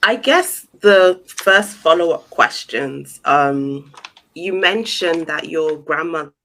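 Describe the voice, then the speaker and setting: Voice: mid-range voice, slow, bright, forceful tone. A co-interviewer asking thoughtful, searching follow-up questions.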